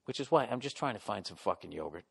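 A middle-aged man with a Boston accent hosting his own podcast. He rants in a profane, comic style and yells at times. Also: fairly low pitch, expressive, fast talker, gravelly, slightly rough. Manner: profane, ranting, yelling at times. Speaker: podcast host. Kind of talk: solo comedic podcast rant.

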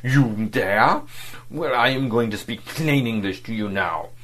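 A man's voice: medium pitch, unhurried, a bit bright. A man reading aloud, voicing a contemptuous foreign embassy official who speaks in a guttural, domineering way. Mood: fierce.

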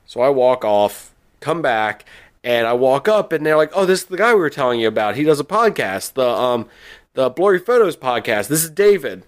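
A man's voice: medium pitch, sing-song, normal speed. A man co-hosting a podcast, telling a long rambling story with lots of restarts and quoted asides. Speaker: podcast co-host. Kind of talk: casual chat.

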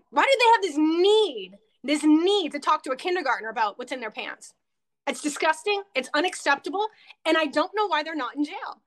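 A woman's voice: high-pitched, fairly bright tone. A woman guest on a talk show, a political candidate speaking bluntly and heatedly, swearing freely. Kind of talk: casual interview.

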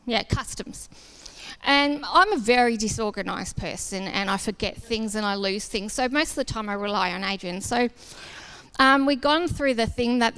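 A church speaker with a smooth, slightly high voice shares a sermon testimony. She's a lively, casual storyteller who pokes fun at herself and acts out the dialogue.

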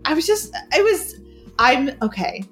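A woman's voice: sits high, sing-song, unhurried, a bit bright, faint music behind. A woman player chatting casually, giggly and hesitant with many fillers. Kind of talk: casual chat.

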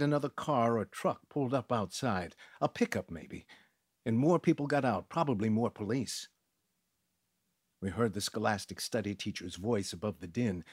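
A man with a husky voice giving expressive first-person narration of an audiobook. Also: mid-range voice, no echo, clean studio sound. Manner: expressive storytelling.

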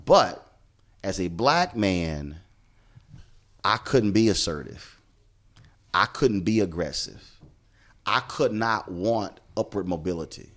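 A man's voice: sits low, lively intonation, takes it slowly, long pauses, fairly bright tone. A middle-aged man, a journalist from Houston, telling stories from his career in an emphatic conversational way and acting out the dialogue he quotes. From Houston, Texas. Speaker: journalist and show host, podcast guest. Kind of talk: conversational storytelling.

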